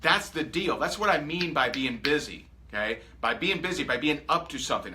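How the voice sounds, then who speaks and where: Bright, energetic male sales coach. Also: on the high side, brisk, hardly any pauses. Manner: energetic, animated, acts out example dialogues. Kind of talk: motivational training talk.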